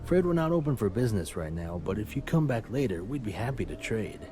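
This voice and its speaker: An actor playing a laid-back, easygoing trader in a video game. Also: male voice, lowish voice, very animated, fast talker, warm tone, slight background noise. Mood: friendly. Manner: easygoing, friendly. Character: laid-back male trader, hippie-ish.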